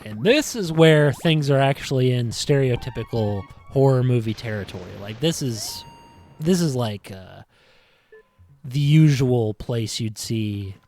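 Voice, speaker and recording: A man's voice: mid-range voice, lively intonation, measured pace, darkish tone, soft background music. A man hosting a podcast, rambling casually and filling his talk with "like" and "you know". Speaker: podcast host. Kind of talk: casual retrospective monologue. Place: in front of a green screen.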